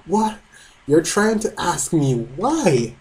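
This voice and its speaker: A man reading the lines of a shaken, panicked young soldier from a manga, asking rushed, agitated questions. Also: high-pitched, sing-song, voice pushed up, heavily acted.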